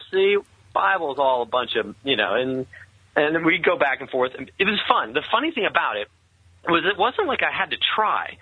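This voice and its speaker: A man telling a personal story in earnest, halting conversational speech with many restarts. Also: on the high side, husky, no echo. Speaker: guest telling his story. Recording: tinny, phone-like sound.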